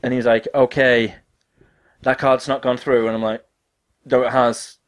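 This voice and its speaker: A man's voice: medium pitch, unhurried. A young man telling a story in casual chat, swearing freely and acting out what other people said. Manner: animated, swears often, acts out quoted dialogue.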